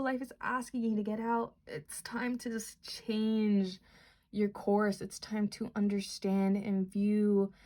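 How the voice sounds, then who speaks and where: A woman's voice: mid-range voice, a little mellow. Young woman tarot reader, chatty and rambling, earnest tone. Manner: rambling, filler-heavy, earnest. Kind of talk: casual tarot reading.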